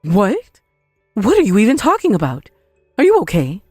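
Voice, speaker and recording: A woman's voice: mid-range voice, wildly swooping pitch, warm tone, slightly rough, dry recording, studio quality, soft background music. Woman voicing a shameless blaming mother-in-law. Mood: confused. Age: older. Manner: defiant, self-pitying, quick to blame. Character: shameless older mother-in-law, blames others. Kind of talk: dramatized story voice acting.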